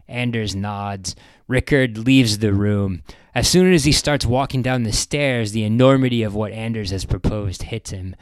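A man reading an audiobook narration in a steady, matter-of-fact way. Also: lowish voice, unhurried, clear, resonant tone, dry recording.

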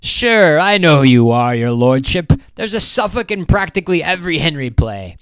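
A fussy, theatrical theater owner, as a male narrator puts him on, with a voice pushed well up and ringing out loudly. He wheedles and shows off with every phrase. The sound is close and dry. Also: very animated, normal speed, smooth, no room sound. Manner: high, showy and wheedling.

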